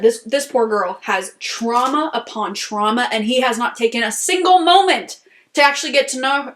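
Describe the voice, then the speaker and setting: Animated, indignant higher-voiced woman. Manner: animated, indignant retelling with laughter. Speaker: podcast co-host. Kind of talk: casual chat.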